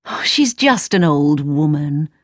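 Innocent young princess voiced by a woman, light girlish voice, lively pitch, storybook. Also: slow, no room sound, clean studio sound. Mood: trusting.

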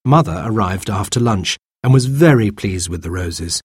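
A man narrates a children's storybook with a lively, varied tone. His voice is husky and breathy. It is recorded close and dry. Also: fairly low pitch, moderate pace, no room sound. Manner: clear, expressive. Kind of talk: storybook reading.

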